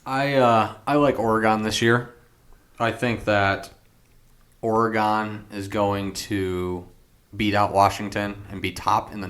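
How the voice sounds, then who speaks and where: A man's voice: on the low side, fairly bright tone. A man co-hosting a sports podcast, talking in a casual, rambling way with frequent hesitations. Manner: rambling, hesitant, many ums. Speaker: podcast co-host.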